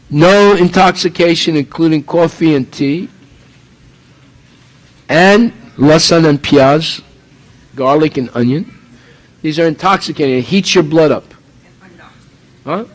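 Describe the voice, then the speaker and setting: A man's voice: on the high side, rough recording. A man from the United States preaching a sermon, emphatic and full of rhetorical questions.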